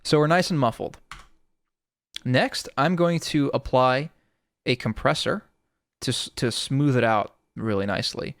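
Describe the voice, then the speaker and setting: Here a producer explains sound design at a measured pace, pausing often, his mid-range voice fairly bright. It's a casual tutorial heavy on "sort of," recorded near a studio microphone with no room sound.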